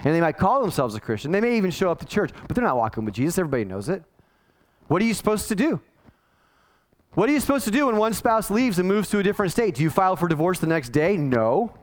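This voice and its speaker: A man's voice: sits high, very animated, fast. A man in his forties, a pastor, preaching a conversational sermon that is full of restarts and acted-out quotes.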